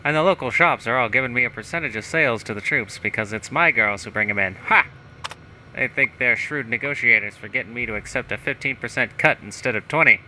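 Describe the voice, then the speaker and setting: A man's voice: medium pitch, moderate pace, sharp tone, a little hiss or hum, pitched above the performer's own voice, low-quality recording. A man putting on a smug sleazy mayor. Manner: smug, boastful, with a put-on accent. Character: sleazy scheming male small-town mayor.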